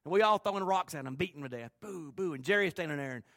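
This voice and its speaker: A man preaching a sermon with animated, joking, emphatic storytelling. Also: fairly high pitch, very fast, creaky, dry recording. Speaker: pastor.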